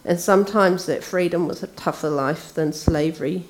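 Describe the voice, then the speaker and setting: A woman preaching a sermon in a relaxed, conversational way, retelling a story. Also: on the low side, normal speed, a little hiss or hum.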